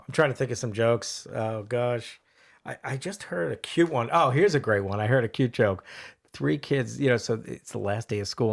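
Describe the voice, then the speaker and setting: A man from New York, a comedian who is a guest on a talk show, chatting and telling jokes in an animated way. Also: mid-range voice, vocal fry. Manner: animated storyteller, restarts and laughs.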